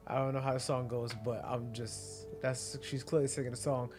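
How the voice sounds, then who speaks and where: A man's voice: medium pitch, little pitch movement, normal speed, hardly any pauses, a little mellow, faint music behind. A man streaming a game, reading in-game letters aloud in a mock-romantic tone, with joking asides and frequent laughter. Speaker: gaming streamer.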